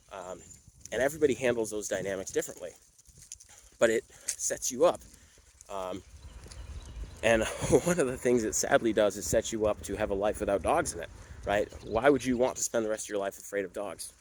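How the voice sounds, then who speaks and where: A man's voice: fairly low pitch, brisk, long pauses, darkish tone, a little hiss or hum, rough recording. A man who works as a dog trainer, talking casually to camera with frequent fillers and tag questions. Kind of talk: casual talking-head explainer.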